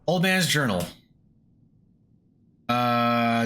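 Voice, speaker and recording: A man streaming a video game live, reacting with excited, crude joking comments. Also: medium pitch, moderate pace.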